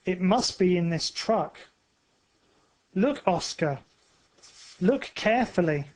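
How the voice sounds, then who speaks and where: A short-tempered thief leader barks impatient orders, voiced by a man reading the story. The voice sits a bit above the narrator's own, firm and clipped, in an unhurried storybook delivery. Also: high-pitched, animated, darkish tone. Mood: urgent.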